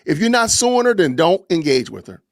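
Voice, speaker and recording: A man with a fairly high voice ranting on his podcast, hammering the same commands over and over in a preachy, emphatic way. The sound is dry and close, with no room around it. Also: sing-song, fairly quick, dry recording. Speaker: podcast host. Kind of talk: impassioned commentary rant.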